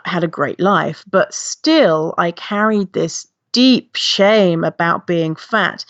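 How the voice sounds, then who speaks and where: Animated female guest, low register, candid storyteller; dull, dry lo-fi recording. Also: dry recording. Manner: animated, acts out her past reactions in a high voice. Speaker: podcast guest, body-image activist.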